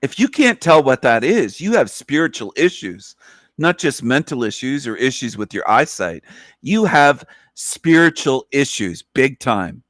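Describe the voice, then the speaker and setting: Scornful ranting man, slow and dry. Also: mid-range voice, big pitch swings, a bit bright, no room sound. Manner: scornful, insulting, repeats phrases over and over. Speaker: channel host reacting to a clip. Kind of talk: ranting video commentary.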